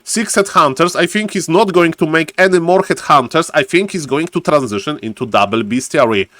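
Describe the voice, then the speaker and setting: A man calling a strategy match live for his stream, hyping every moment like a grand announcer. His voice sits a little on the high side, and the sound is dry and close with no room around it. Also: a little fast, no echo. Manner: showy announcer, repeats "ladies and gentlemen". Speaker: esports caster and streamer. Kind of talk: live game commentary.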